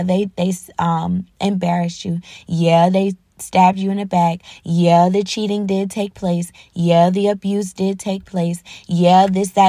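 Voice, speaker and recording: A woman hosts an inspirational podcast, talking earnestly as she retells a story and draws lessons from it. Her voice sits in a middle range with a noticeable gravelly fry, and the sound is dry and close. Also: medium pitch, a little mellow, no room sound. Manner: earnest, retelling a film scene with feeling. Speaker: podcast host.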